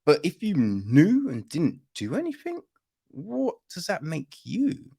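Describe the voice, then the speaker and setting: This lively man talks slowly in a slightly high, creaky, somewhat rough voice as he reviews a play on his podcast. His casual, conversational review is peppered with "right?" and "you know?", and he says sorry to listeners after a bout of coughing.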